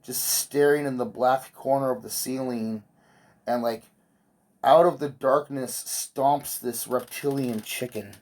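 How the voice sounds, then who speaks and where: A man's voice: mid-range voice, steady tone, a little slow, darkish tone. A man vlogging while he sews, telling a meandering story in an offhand way and swearing casually.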